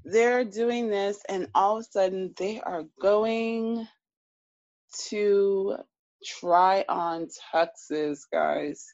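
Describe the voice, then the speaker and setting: A woman's voice: mid-range voice, drawn-out words, a little mellow, no echo, highs cut off. A woman co-hosting a podcast, chatting casually and emphatically as she recaps a reality TV episode. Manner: chatty, emphatic, trails off and restarts. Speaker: podcast co-host.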